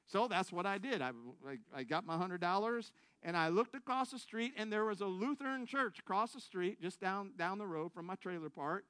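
A man's voice: sits high, animated, moderate pace, bright, forceful tone, dry recording. A man giving a sermon testimony in a church, telling a story, acting out his own thoughts and calling out to the congregation for responses.

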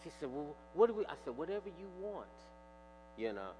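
A pastor with a slightly high voice preaches a sermon a little fast, telling stories and acting out the dialogue with animation. The recording comes from a reverberant hall with a faint mains hum.

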